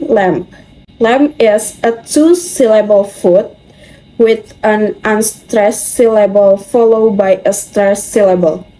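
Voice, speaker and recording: A young woman reading a class presentation aloud from a script, steady with small slips. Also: medium pitch, poor audio. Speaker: student presenter.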